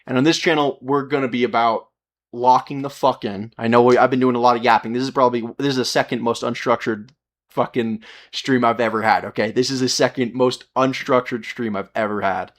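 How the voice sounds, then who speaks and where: Male streamer, casual and profane, mid-pitch voice, trips over his words. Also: fairly even intonation, a little fast. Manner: rambling, profane motivational rant with many restarts. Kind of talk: casual live-stream talk.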